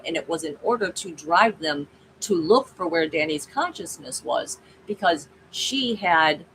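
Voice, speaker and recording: A woman's voice: on the low side, fairly bright tone, a little hiss or hum, low-quality recording. Woman vlogger, casual, rambling, chatty asides, storytelling. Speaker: channel host.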